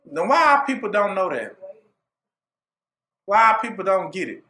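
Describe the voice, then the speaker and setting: High, lively, bright-voiced preacher man. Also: normal speed, roomy sound. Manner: animated call-and-response preaching with rhetorical questions. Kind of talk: sermon.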